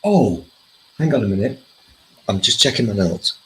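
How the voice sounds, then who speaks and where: Male host with a lowish voice, jokey and quick to laugh, chatting loosely about the week's news. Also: expressive, a bit bright, low-quality recording. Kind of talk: casual political chat.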